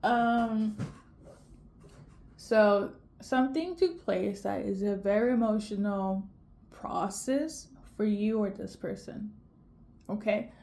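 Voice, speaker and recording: A woman's voice: medium pitch, takes it slowly, gravelly, long pauses, warm tone. A tearful woman giving an intuitive tarot reading to camera, emotional and tagging "okay?" onto her lines. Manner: emotional, repeats "okay?" often. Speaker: tarot reader.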